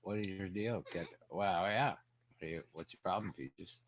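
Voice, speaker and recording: A man's voice: low-pitched, unhurried, slight background noise. A man co-hosting a casual podcast, joking in a dry, wry way and swearing offhandedly. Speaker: podcast co-host. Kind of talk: casual chat.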